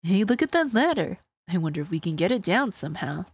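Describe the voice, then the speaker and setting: A woman's voice: fairly low pitch, big pitch swings, fast talker. A woman reading aloud for a determined young woman from a game, earnest and matter-of-fact.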